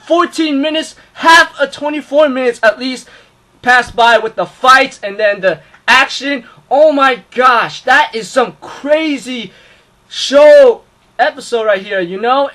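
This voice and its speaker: An excitable man rushes through an anime recap, piling on fillers and yelling sound effects. His voice sits high and bright, with a sharp, forceful edge. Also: poor audio. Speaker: anime reviewer.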